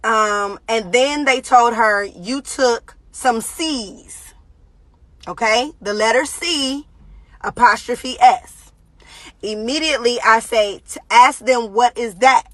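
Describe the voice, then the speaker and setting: A woman's voice: a little high, no echo. Upset mother talking straight to viewers. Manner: talks directly to viewers, halting with many fillers. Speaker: parent giving a live video update. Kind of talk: emotional live-stream talk to viewers.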